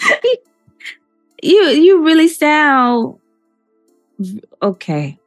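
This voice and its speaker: A woman's voice: on the high side, big pitch swings, takes it slowly, long pauses, a little mellow, no echo, clean studio sound, soft background music. A woman co-hosting a podcast, chatting expressively and laughing. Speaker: podcast co-host. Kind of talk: casual chat.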